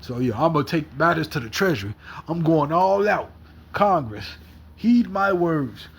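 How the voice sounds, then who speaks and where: Young male vlogger, repetitive rambling monologue, slightly high voice. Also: animated, moderate pace, gravelly, slightly rough. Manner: repetitive, rambling, repeats phrases over and over.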